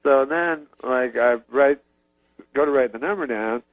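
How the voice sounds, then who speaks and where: Deadpan man rambling through a story. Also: medium pitch, unhurried, dry recording, poor audio. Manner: deadpan storyteller, many fillers and restarts, laughs to himself. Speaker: guest. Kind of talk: rambling anecdote.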